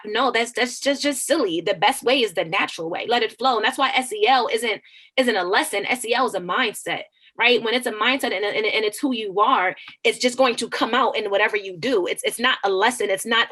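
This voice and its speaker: Bright-voiced earnest woman teacher. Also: on the high side, a little fast. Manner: earnest, animated, preaching tone with frequent restarts. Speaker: teacher and author, guest. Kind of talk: conversational interview.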